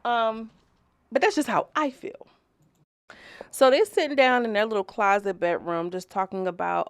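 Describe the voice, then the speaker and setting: A woman's voice: mid-range voice, moderate pace, pauses often, dry recording, studio quality. A woman reviewing a reality show episode in a casual vlog, chatty, rambling and profane as she talks straight to her viewers.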